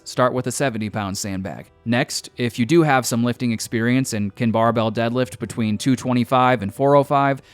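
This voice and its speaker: A man's voice: medium pitch, clean tone, dry recording. A man, a strength coach, giving a confident, emphatic scripted voice-over with direct advice.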